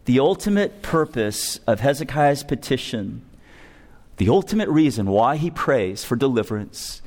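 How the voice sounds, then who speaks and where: A male pastor preaching a sermon with an emphatic, deliberate expository delivery. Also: mid-range voice, sing-song, darkish tone.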